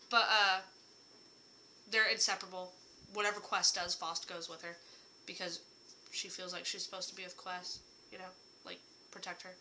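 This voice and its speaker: Young woman, bright and sharp voice, slightly hoarse, rambling casual chat full of asides. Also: medium pitch, unhurried, long pauses, slight background noise, poor audio. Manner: rambling, chatty, jokey asides. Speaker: writer describing her characters.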